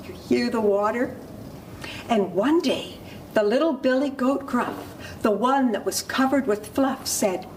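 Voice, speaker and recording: A woman storyteller performing a folk tale for children, animated and inviting the audience to join in. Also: a little high, slow, slight background noise. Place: library storytelling event.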